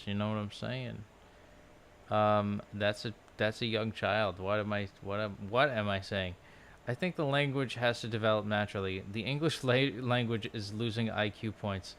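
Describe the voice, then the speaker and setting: A man's voice: lowish voice, fairly bright tone, a little hiss or hum. Rambling man musing on a couch. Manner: musing, loose, full of "like" and restarts. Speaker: language-learning vlogger. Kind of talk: casual rambling chat. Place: at home on a low couch. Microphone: laptop microphone.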